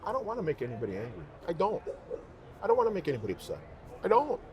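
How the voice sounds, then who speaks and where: A man's voice: high voice, racing, muffled recording. A man who sings professionally, speaking as a guest in a casual interview chat, emphatic and heartfelt, repeating himself for stress. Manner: emphatic, animated storytelling.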